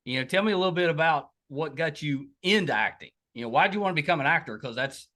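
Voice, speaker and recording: Bright, lively Southern American man. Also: on the high side, quick pace. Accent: Southern American country. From Southern United States. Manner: friendly, chatty, jokes along with guest. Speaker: podcast host. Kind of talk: casual interview chat.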